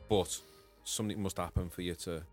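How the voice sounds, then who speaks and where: A man's voice: deep voice, fairly even intonation, brisk, faint music behind. A man hosting a podcast, asking his guest questions in a hesitant way and rephrasing as he goes. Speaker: podcast host. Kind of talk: interview questions.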